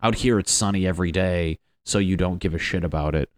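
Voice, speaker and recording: A young man from Connecticut with a low, deep voice rambles through a casual, profane monologue. He jokes and meanders from one thought to the next, recorded close and dry with no room sound. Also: fairly quick, no echo. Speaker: vlogger.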